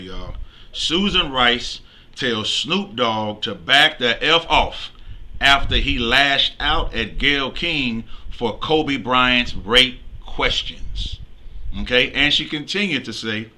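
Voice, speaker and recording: A male radio co-host who reads scripture and news aloud in a slow, emphatic way. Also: medium pitch, expressive, pushed and bright, rough recording.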